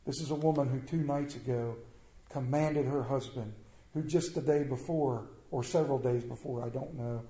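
A man preaching a sermon as a folksy, plainspoken storyteller who swings between loud and hushed delivery. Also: medium pitch, steady tone, normal speed. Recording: echoey room.

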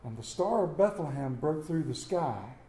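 Guy preaching with a high voice, folksy storytelling, lots of questions to the crowd, echoey church room. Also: animated, normal speed, mellow. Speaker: pastor. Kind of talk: sermon.

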